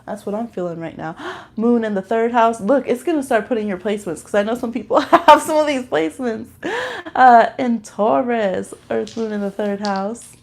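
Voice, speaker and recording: A woman's voice: fairly high pitch, moderate pace, gravelly, darkish tone. A woman giving a casual live-stream tarot and astrology reading, chatting straight to her viewers and laughing often as she pulls cards.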